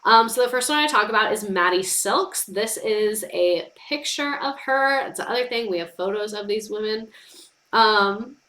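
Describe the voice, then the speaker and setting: A woman's voice: mid-range voice, normal speed, sharp tone. A young woman streaming casual history talk, chatty and heartfelt, with lots of "like" fillers. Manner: chatty, emotional, many "like" fillers. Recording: roomy echo.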